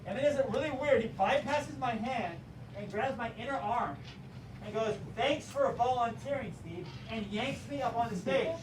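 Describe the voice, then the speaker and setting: Man, very high voice, animated storyteller, acts out voices, echoey room, distant mic. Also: moderate pace, background noise. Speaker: teacher trainer telling a story. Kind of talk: storytelling talk to a live audience.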